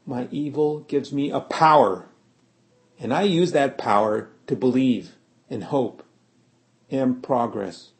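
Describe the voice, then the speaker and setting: A man reading a literary story aloud, slow and deliberate, with dramatic swells on key words. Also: medium pitch. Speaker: narrator.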